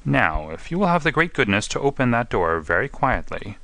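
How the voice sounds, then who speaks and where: A man voicing a calm, clever gentleman detective, composed and precise. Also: medium pitch, fairly quick, no echo, voice pushed up.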